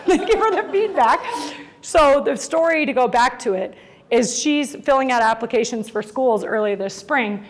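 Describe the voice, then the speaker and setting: A woman's voice: high-pitched, lively intonation, unhurried. A woman in her forties telling a candid personal story as a mother. She is emotional and laughs through tears as she acts out what her family said.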